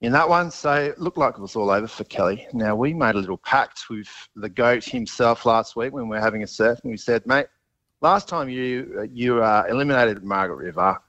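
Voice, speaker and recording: A man's voice: mid-range voice, brisk, a bit bright. A man, a podcast host, recounting events as a guest on a radio show in an upbeat way. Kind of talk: radio interview over a line. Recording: dull lo-fi line.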